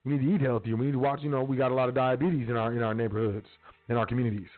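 A man's voice: mid-range voice, steady tone, very fast. A man hosting a casual talk show, speaking bluntly with street slang and some profanity. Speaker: podcast host. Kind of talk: casual monologue. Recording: tinny phone-line sound with faint music.

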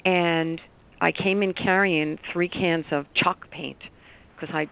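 A woman coach on a radio talk show, telling a personal story in an animated, rambling way with bursts of excitement. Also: on the low side, slow, creaky. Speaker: life coach guest. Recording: tinny phone line.

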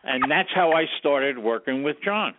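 An older man, a guest sound engineer, telling an animated anecdote and acting out the lines he quotes. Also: on the high side, unhurried. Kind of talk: storytelling anecdote. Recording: tinny phone line, dry.

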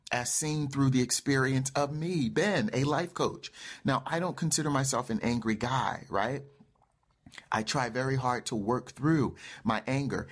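Impassioned husky-voiced male life coach. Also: medium pitch. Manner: emphatic, rising to fervent outbursts. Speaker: life coach and show host. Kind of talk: impassioned monologue.

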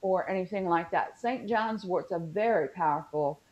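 A woman with a Southern Appalachian accent talks in a loose, rambling way, full of fillers. Her voice sits a little low. The video call audio is dull and lo-fi. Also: normal speed, darkish tone. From West Virginia. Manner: rambling, chatty, many fillers. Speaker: podcast co-host. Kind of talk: casual chat.

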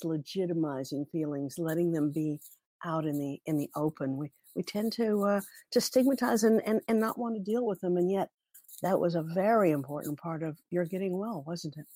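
A woman hosts the interview in a calm, measured, supportive voice. Her voice is on the low side, and the sound is dry and close. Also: no room sound. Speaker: host.

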